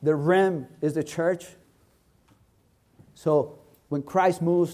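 A man's voice: on the high side, fairly even intonation, takes it slowly, warm tone. A man preaching a sermon in an earnest, emphatic way, building his points through repeated phrases.

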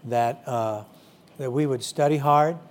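A man's voice: medium pitch, unhurried, a little hiss or hum. A middle-aged man preaching a conversational sermon to young people, with frequent "you know" fillers.

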